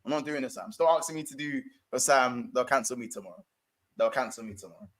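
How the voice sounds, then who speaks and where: A man's voice: medium pitch, quick pace. A young man, chatting casually and jokily about football on a stream, full of slang and fillers. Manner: slangy, lots of fillers, jokey. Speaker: football channel host.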